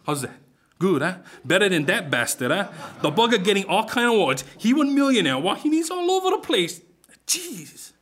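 A man's voice: medium pitch, normal speed, natural voice. A man voicing a brash local actor who brags and scoffs. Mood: boastful. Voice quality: pidgin slang, cocky and scoffing. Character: brash local Hawaiian actor, boastful and loud.

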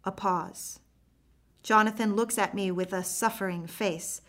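A woman reading a first-person story aloud, earnest and reflective, with expressive phrasing. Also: medium pitch, measured pace. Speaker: narrator.

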